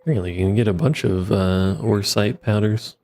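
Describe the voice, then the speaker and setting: Laid-back low-voiced man narrating gameplay. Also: moderate pace, darkish tone, a little hiss or hum. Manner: laid-back, rambling, wry asides to himself. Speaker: streamer playing a modded block-building game. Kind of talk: casual gameplay commentary.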